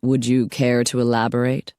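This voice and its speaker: A woman's voice: rumbling low, completely flat delivery, normal speed, a little mellow, clear, resonant tone, dry recording, studio quality. A woman voicing a stern, wealthy man who speaks in a curt, commanding way.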